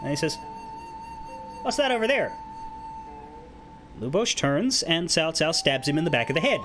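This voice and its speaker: Higher-voiced man, lively casual storyteller, faint music under him. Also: brisk. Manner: animated, profane, conversational. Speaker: streamer.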